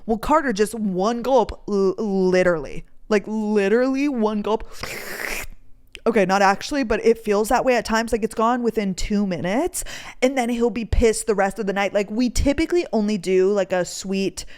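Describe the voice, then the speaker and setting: A woman's voice: medium pitch, normal speed, clear, resonant tone. A young woman hosting her own podcast, telling a rambling everyday story in a chatty way, swearing freely and acting out what people said. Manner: chatty, swears freely, lively quoting of others. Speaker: podcast host. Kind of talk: casual storytelling monologue.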